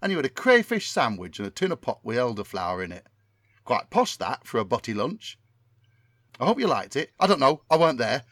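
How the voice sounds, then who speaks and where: Guy putting on a rambly bolton showbiz bloke, overfamiliar, pitch jumps around a lot, dry sound. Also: sing-song, a little fast, fairly bright tone, dry recording. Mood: chummy. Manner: chummy, rambling, oblivious. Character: middle-aged northern English male entertainer, creepily overfamiliar.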